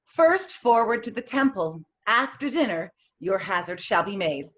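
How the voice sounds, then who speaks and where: A woman reading a poised, formal noble lady in an amateur play reading, speaking verse in a measured way. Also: mid-range voice, sing-song, a bit bright. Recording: muffled lo-fi audio.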